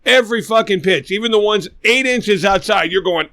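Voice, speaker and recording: A man's voice: high voice, normal speed, few pauses, sharp tone, dry recording, clean studio sound. A man with a Midwestern American accent co-hosting a podcast, ranting in casual banter with lots of profanity. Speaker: podcast co-host.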